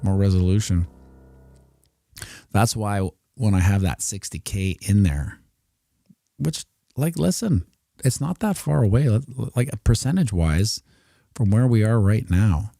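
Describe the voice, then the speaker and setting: Middle-aged male streamer, low and mellow, dry close sound, loose jokey chart-talk with mumbled asides. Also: expressive, unhurried, gravelly, pauses often, no room sound. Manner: rambling, jokey, muttering asides while drawing on a chart. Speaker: crypto streamer. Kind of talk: casual live chart commentary.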